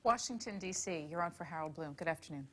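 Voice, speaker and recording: A woman with a somewhat low voice hosts a call-in program. She introduces callers and reads out emails briskly and plainly. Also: animated. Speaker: call-in host. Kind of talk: announcing callers and reading emails.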